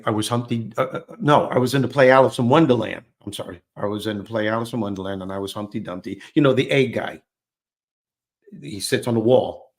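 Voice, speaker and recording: Animated man telling a funny childhood story. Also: fairly low pitch. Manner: animated, self-deprecating, acts out quotes. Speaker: guest storyteller. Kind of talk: conversational storytelling.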